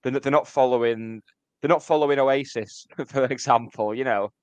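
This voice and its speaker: Podcast guy with a clean smooth voice, rambly, explains stuff, dry sound. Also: medium pitch, normal speed, dry recording. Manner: rambling, restarts words, explains for listeners. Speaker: podcast co-host. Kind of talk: casual music podcast chat.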